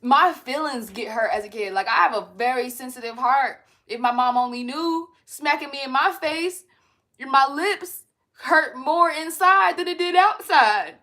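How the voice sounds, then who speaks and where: A young woman talks to her viewers from home in a higher-than-usual voice. She swings between blunt, profane jokes and laughter and calmer read-aloud spiritual guidance, like a frank self-help host. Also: unhurried. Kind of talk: casual spiritual pep talk to viewers.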